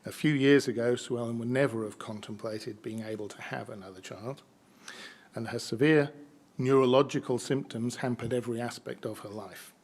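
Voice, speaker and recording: A man's voice: mid-range voice, steady tone, moderate pace, darkish tone, husky. A man presenting an award at an event, speaking formally.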